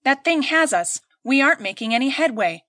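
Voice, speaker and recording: A woman's voice: high-pitched, lively intonation, brisk, bright, forceful tone, no room sound. A female starship pilot under strain, snapping short replies as her controls fail, voiced by a woman reading an audiobook. Her voice is raised and tight, recorded dry and close.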